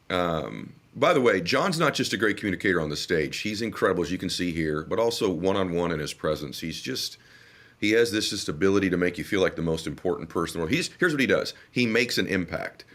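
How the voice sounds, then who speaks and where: A man's voice: deep voice, animated, brisk, fairly bright tone. A man hosting a podcast, earnest and openly emotional as he introduces and questions his guest. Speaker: podcast host. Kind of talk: conversational interview.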